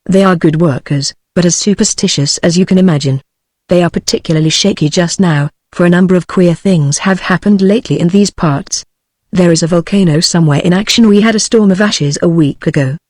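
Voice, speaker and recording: A woman's voice: lowish voice, fairly quick, darkish tone, no echo, clean studio sound, lightly acted. Synthetic woman voice reading a chatty fat oil prospector. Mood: explaining. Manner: synthetic evenly read speech. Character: fat middle-aged male oil prospector, talkative.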